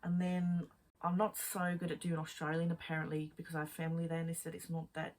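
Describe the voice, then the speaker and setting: A woman's voice: low-pitched, completely flat delivery, quick pace, a little mellow. A woman co-hosting a podcast in casual chat, rambling and laughing easily as she talks. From Zimbabwe. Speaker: podcast co-host.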